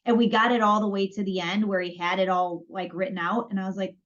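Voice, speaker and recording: Speaking quickly with a medium pitch and little pitch movement, a woman co-hosts a podcast in casual conversation. She acts out both sides of past dialogues as she tells her story, and the recording is dull and lo-fi.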